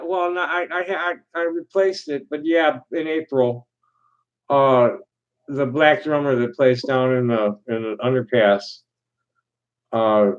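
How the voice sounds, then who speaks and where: A man's voice: medium pitch, dull audio. A man who plays horn as a busker, hosting a casual livestream and rambling with many restarts and repeated words.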